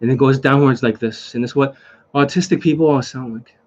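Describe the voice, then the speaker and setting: A man with a husky, middle-pitched voice rambles bluntly through a coaching monologue, swearing freely and filling gaps with ums. The recording sounds dull and lo-fi. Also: fairly even intonation, fairly quick. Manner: rambling and blunt, with frequent profanity and fillers. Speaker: dating coach. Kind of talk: unscripted monologue to camera.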